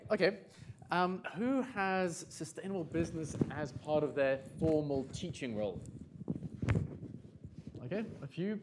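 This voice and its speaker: A man's voice: on the high side, slight background noise. A middle-aged man from Britain and France giving a conference talk to a live audience. He talks in a chatty way, puts questions to the room and slips in dry humor. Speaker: conference speaker. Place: conference hall.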